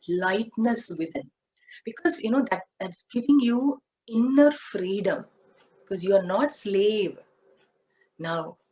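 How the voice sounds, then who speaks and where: A woman giving a motivational spiritual talk, speaking deliberately and asking her listeners questions. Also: medium pitch, darkish tone, low-quality recording. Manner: slow, deliberate, asks the audience questions.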